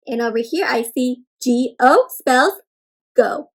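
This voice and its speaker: A woman reading a picture book aloud to children in an animated, teacherly way, asking them to point and say words along with her. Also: sits high, takes it slowly. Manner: animated, teacherly, prompting kids to join in. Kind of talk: interactive read-aloud for kids.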